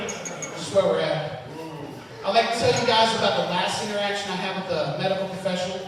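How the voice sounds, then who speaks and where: A man doing a loud, profane, self-mocking stand-up set on a comedy club stage, with big shouted punchlines. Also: high voice, very echoey, big-room sound, far from the mic, poor audio.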